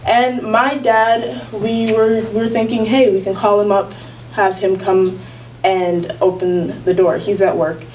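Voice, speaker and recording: A woman's voice: mid-range voice, flat delivery, a little slow, a little mellow. A teenage girl tells a personal story at a school gathering, rambling casually and laughing as she goes. Her voice sits in the middle range. She is picked up from a distance, with a faint hum of the room behind her. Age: teens. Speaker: student storyteller. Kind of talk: personal storytelling at a live event. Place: school event space.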